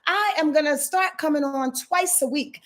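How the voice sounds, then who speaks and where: High-voiced New woman astrologer. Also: normal speed. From Yonkers, New York. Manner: lively, slangy, greets viewers by name; repeats catchphrases, laughs often. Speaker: astrologer and channel host. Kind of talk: casual live-stream chat.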